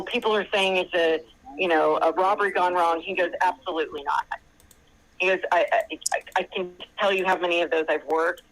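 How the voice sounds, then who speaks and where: On a rough phone recording, a woman with a lowish, somewhat bright voice calls in to a show. She talks through a long conversation she had, quoting the other people involved at length.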